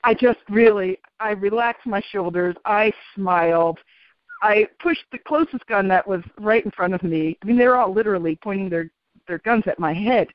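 A woman telling a story as an interview guest, calm and animated, often laughing. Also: medium pitch, normal speed. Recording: dull, dry radio sound.

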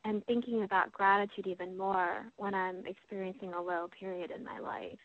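A woman hosting an interview, asking gentle, halting questions. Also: medium pitch, little pitch movement, dry recording. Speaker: interview host. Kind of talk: casual interview. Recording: dry, phone-like sound.

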